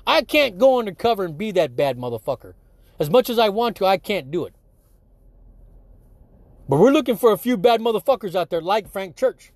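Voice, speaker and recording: Profane, rambling man, a bit high. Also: very animated, a little fast, long pauses, no echo. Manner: profane, rambling, heated rant with many restarts. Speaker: former radiology technician vlogger. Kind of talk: rambling monologue to camera.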